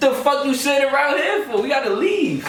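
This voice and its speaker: A man's voice: very high voice, big pitch swings, fairly quick, a bit bright, slight background noise. A man from Yonkers, speaking insistently in a casual interview and often repeating himself. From Yonkers, New York. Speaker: guest artist. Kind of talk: casual chat. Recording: echoey room, mic far off.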